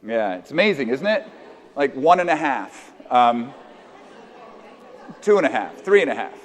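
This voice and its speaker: An American man leads a workshop for teachers, chatting with the room and echoing their answers back in easy, halting sentences. His voice sits at an ordinary middle pitch. A long reverb from the large conference hall trails after his words. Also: very animated, a faint crowd. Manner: conversational, echoes audience answers, many restarts. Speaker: conference presenter. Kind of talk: interactive workshop talk with teachers.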